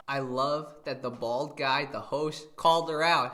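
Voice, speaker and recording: A man giving excitable, animated reaction commentary on a video clip. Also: a little high, measured pace, few pauses.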